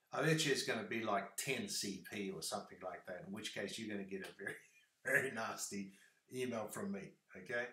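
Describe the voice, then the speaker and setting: A man's voice: on the low side, pushed and bright, echoey room. A man with a New Zealand accent chatting casually on a livestream, rambling with lots of fillers.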